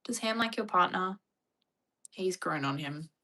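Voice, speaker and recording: A woman's voice: fairly low pitch, lively intonation, a little slow, sharp tone. A young Australian woman chatting casually on a livestream with a wry, chatty manner. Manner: chatty, wry, mock-dramatic impressions.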